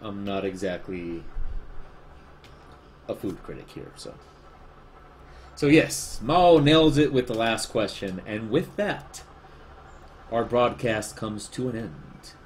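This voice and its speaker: A man's voice: fairly low pitch, expressive, slow pace, pauses often, a little hiss or hum. A man with a Spanish accent, a livestreaming artist chatting casually, rambling and self-deprecating as he answers chat.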